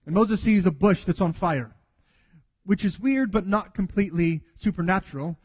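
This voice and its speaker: A man's voice: high-pitched, normal speed, husky, in a large hall. A man preaching a sermon earnestly, acting out quoted dialogue as he goes. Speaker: pastor.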